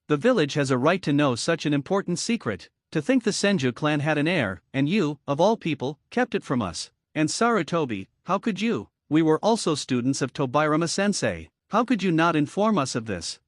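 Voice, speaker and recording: A man's voice: fairly high pitch, very animated, normal speed, hardly any pauses, dry recording, studio quality. A man reading the lines of an angry, hurt old male village counselor in a storybook reading, reproachful in tone.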